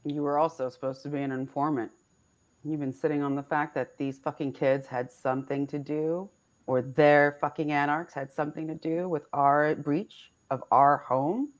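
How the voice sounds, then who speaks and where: A woman's voice: low-pitched, fairly even intonation, moderate pace. A woman playing a tabletop game in character, talking brash and confrontational and swearing freely. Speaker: player.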